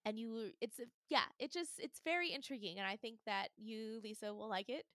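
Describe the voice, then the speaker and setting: A young adult woman hosting a casual fandom podcast, animated and laughing often as she acts out her reactions. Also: fairly high pitch, fairly quick, no echo, studio quality. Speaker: podcast host. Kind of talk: casual chat.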